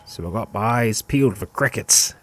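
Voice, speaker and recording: A man's voice: fairly low pitch, normal speed, soft background music. A man streaming a video game, chatting casually and thinking aloud as he plays. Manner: relaxed, chatty, thinking aloud, chuckles between lines. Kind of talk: casual gameplay commentary.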